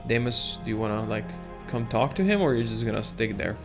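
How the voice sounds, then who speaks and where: A man's voice: mid-range voice, expressive, a little fast, gravelly, few pauses, music in the background. A man hosting a casual let's-play, chatting and reacting as he plays a game. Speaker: gaming channel host.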